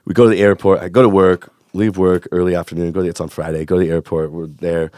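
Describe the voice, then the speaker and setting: A man from Northern California telling a long, animated, profane story in casual chat, acting out the voices of the people in it. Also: sits low, fast, no echo. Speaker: podcast guest.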